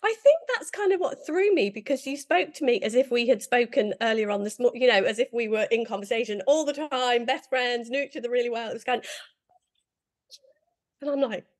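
Woman guest chatting on a podcast, bit high voice, laughs a lot. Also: fairly quick. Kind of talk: casual conversation.

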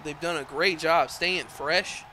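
A man commenting on a wrestling video game match in lively play-by-play, with frequent exclamations and a put-on accent. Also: a little high, measured pace, low-quality recording. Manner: exclaims often, putting on a mock accent.

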